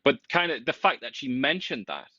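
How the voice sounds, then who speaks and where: A man co-hosting a casual political chat, talking in an animated, wry way with big swings in pitch. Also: normal speed, no room sound, dull audio.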